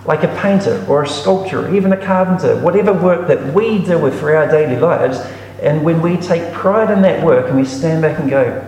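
A man's voice: a little high, normal speed, a little mellow, slight background noise. A man reading Bible passages aloud and explaining them in a reflective teaching manner. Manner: reads scripture aloud then explains it, reflective. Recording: echoey room with long reverb.

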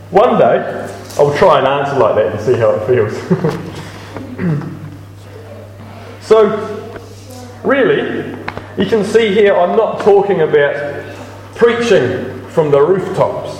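A man's voice: a little high, a little mellow, a little hiss or hum. Earnest New man preaching in echoey hall. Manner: earnest, self-deprecating, conversational. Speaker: lay preacher giving a church talk. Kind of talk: casual sermon. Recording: echoey hall, mic at a distance.

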